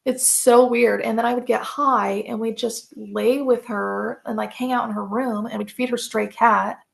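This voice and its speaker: A woman's voice: fairly high pitch, fairly even intonation, normal speed, gravelly. A woman, a podcast guest, telling personal stories in a casual, rambling way, full of fillers and restarts.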